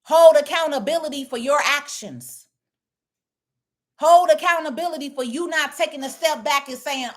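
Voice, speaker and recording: A woman's voice: high-pitched, moderate pace. A woman speaking blunt, preachy casual talk, lecturing her viewers. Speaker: online commentator. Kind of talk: casual direct-to-camera talk.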